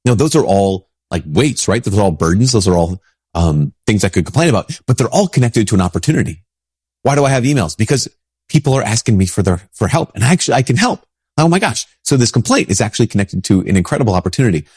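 Brief: husky low-voiced man, priest with a head cold, rambling conversational talk, dry close sound. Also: very animated, fast talker, darkish tone, dry recording. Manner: casual, rambling, frequent restarts. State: sick with a stuffy nose. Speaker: Catholic priest.

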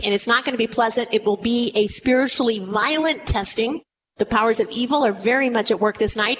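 A woman's voice: high-pitched, slight background noise, poor audio. A woman giving a conversational Bible lesson, often putting rhetorical questions to her listeners. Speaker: Bible teacher.

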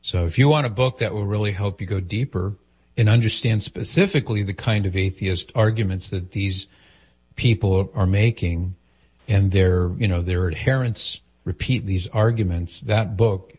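A man's voice: on the low side, moderate pace, a little mellow, slightly rough. A man hosting a call-in radio show, patiently explaining and spelling things out for a caller.

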